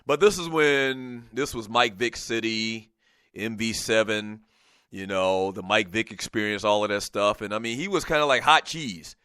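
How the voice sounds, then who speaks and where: A man hosting a sports radio talk show, telling a loose, animated story with frequent plugs for the show. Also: on the low side, normal speed, clean tone, dry recording, clean studio sound.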